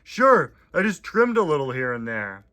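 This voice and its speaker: A man voicing a laid-back hippie male van, talking in a relaxed, easygoing way while reading a comic. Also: fairly high pitch, moderate pace.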